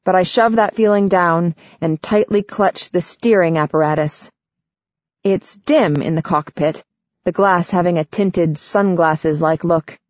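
A woman narrating a story in first person for an audiobook, steady and clear. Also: on the low side, unhurried, dry recording. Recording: dull, dry studio sound.

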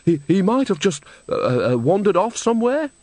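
A man's voice: high-pitched, sing-song, normal speed, a little mellow, dry recording, voice pushed up. A man reading aloud voices a nervous, fretful man who stammers and gets flustered.

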